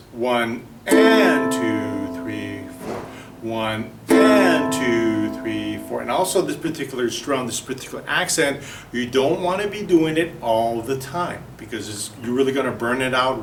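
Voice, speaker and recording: A man's voice: medium pitch, moderate pace, distant mic, loud music behind the voice. A man teaching a ukulele strum lesson, patiently explaining and counting beats aloud while he plays. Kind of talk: music lesson. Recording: roomy echo from off-mic.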